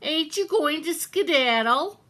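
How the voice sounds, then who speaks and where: A woman voicing a slow-witted, half-deaf kitchen maid in a read-aloud storybook, drawling her words slowly and simply. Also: high voice, animated, fairly bright tone, voice pushed up.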